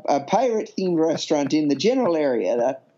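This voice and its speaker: A man's voice: on the high side, very animated, fast, warm tone. A man co-hosting a podcast, chatting playfully and giggling often. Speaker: podcast co-host. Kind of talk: casual comedic chat. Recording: dull lo-fi mic with faint hiss.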